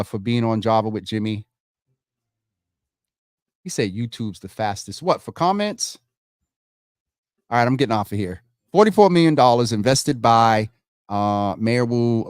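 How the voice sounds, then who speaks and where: A man's voice: mid-range voice, dry recording. A man hosting a casual livestream news show from his home studio, talking loosely and straight to his viewers. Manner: chatty, addresses viewers directly, loose and informal. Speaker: show host.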